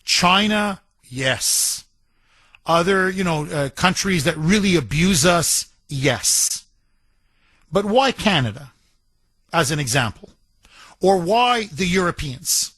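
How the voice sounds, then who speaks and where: A male talk radio host in an emphatic political monologue. His voice sits high and swings widely in pitch. The sound is close and dry, with no room around it. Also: animated, slow pace, long pauses, fairly bright tone, no room sound. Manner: emphatic, repetitive, rhetorical questions.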